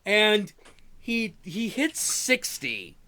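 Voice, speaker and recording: A man hosting a live stream, telling animated casual stories with frequent swearing and stammered restarts. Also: high voice, extremely slow. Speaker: show host.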